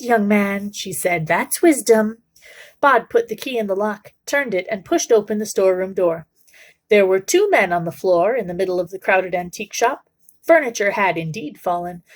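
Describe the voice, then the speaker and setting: A woman reading a children's novel aloud for a book club, in a steady, measured storytelling voice. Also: medium pitch.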